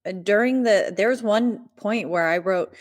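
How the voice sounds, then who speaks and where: A woman's voice: medium pitch, moderate pace. A woman co-hosting a podcast, recapping a horror movie in casual chat, rambling with fillers and laughs. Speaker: podcast co-host.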